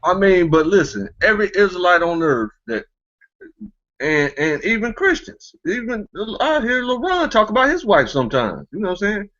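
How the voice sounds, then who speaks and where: A man's voice: high-pitched, big pitch swings, normal speed, bright, forceful tone, lo-fi sound. A man hosting a casual online talk show, rambling and filling with a stock phrase. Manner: rambling, fills with "you know what I'm saying".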